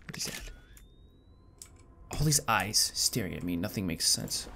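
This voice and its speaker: A man giving horror game commentary, jumpy and nervous, muttering to himself with sudden loud yelps. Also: lowish voice, lively intonation, moderate pace, vocal fry, long pauses, a little hiss or hum. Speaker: gaming YouTuber.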